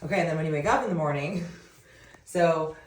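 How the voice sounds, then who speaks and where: Low-voiced chatty woman in an echoey room. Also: a little fast. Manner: chatty, rambling, giggly. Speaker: vlogger. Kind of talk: casual hair tutorial. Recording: roomy sound, distant from mic.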